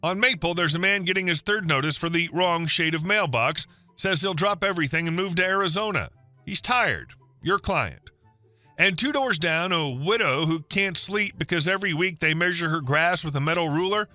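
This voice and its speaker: A man's voice: on the high side, normal speed, pushed and bright, no echo, faint music behind. A man reading the lines of a blunt, crude-joking older woman neighbor in a storybook narration. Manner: blunt, bawdy.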